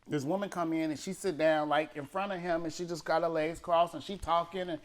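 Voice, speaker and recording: Animated, laughing male storyteller. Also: a little high, fairly quick. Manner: animated, laughing storyteller who acts out voices. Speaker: podcast co-host. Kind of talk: casual storytelling chat.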